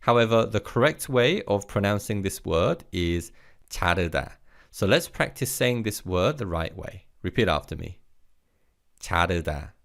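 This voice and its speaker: Man, language teacher, low voice, animated pitch, slow encouraging drills. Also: creaky. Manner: slow, encouraging drill with repeat-after-me prompts. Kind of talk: recorded vocabulary lesson.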